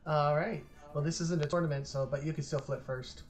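A woman's voice: sits low, fairly even intonation, a little fast, a little mellow, soft background music. A woman hosting a board game session, chatting casually, laughing often and thinking her moves aloud into her own mic. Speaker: host and player. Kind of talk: casual chat while playing a board game. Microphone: own streaming mic.

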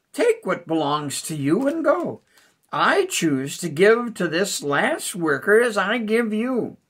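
Unhurried pastor reading scripture aloud. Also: male voice, high-pitched, a bit bright, slightly rough. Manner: unhurried, reads with rising emphasis on quoted speech; hesitant fillers between thoughts. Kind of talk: scripture reading with brief commentary.

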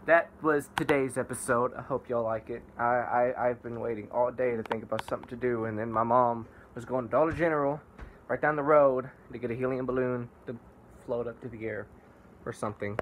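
A man vlogging casually to the camera in a playful, excitable way, by his car outdoors. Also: mid-range voice, a little fast, a little hiss or hum, rough recording. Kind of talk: casual vlog talking to camera.

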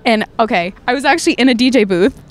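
A young woman in her twenties with a slightly higher voice, chatting as a podcast guest. She tells her stories with giggles, and she puts on the voices of the people she quotes as she goes. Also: lively intonation, fast talker. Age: 20s. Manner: giggly storyteller, acts out quotes. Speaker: guest, host's sister. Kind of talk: casual chat.

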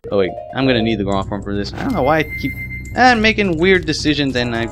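A young man giving casual let's-play commentary, excitable and quick to swear and yelp when the game goes wrong. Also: mid-range voice. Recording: game music behind voice.

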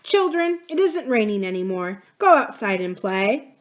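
A woman's voice: mid-range voice, big pitch swings, unhurried. A woman voicing a prim, authoritative middle-aged society lady who is easily shocked.

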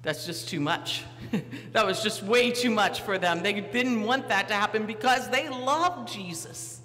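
Speaking at a measured pace with a bright, forceful tone, a pastor of medium pitch delivers a sermon in a church sanctuary. He brings the story to life, plays the parts of the disciples and poses questions to his listeners, all in a reverberant hall with a faint hum.

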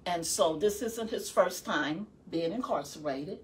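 A woman's voice: lowish voice, measured pace, slight background noise. A middle-aged woman guest giving a personal testimony, telling her story conversationally and quoting her own prayers. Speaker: guest, founder of a support ministry. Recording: distant mic.

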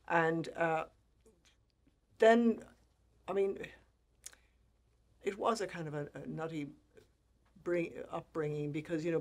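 A woman in her sixties, a make-up artist speaking as a guest, telling lively anecdotes and acting out the people she quotes. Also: low-pitched. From Ireland. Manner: animated anecdotes, frequent laughter, acts out quoted people. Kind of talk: storytelling interview talk.

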